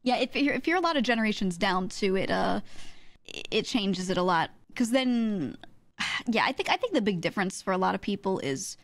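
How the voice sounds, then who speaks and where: Woman streamer, casual rambling chat, lots of fillers and restarts, mid-pitched voice, dry close mic. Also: expressive, fairly quick, no echo.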